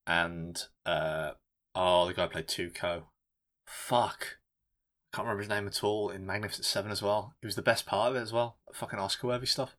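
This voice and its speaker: A man's voice: lowish voice, fairly even intonation, normal speed, a bit bright. A man co-hosting a casual film review podcast, rambling and swearing as he jokes. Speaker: podcast co-host.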